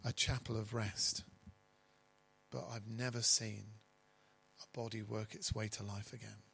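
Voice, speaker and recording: A man preaching a sermon as pastor, stressing key words loudly and dropping to quiet asides. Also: on the low side, level tone, a little slow, creaky, husky, poor audio. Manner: emphatic, swinging between loud stresses and quiet asides.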